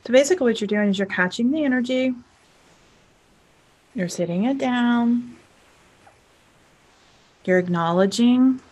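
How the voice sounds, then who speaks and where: Chatty woman teaching to camera. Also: fairly high pitch. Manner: chatty, animated, frequent "okay?" check-ins, acts out arguments. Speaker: spiritual teacher and life coach.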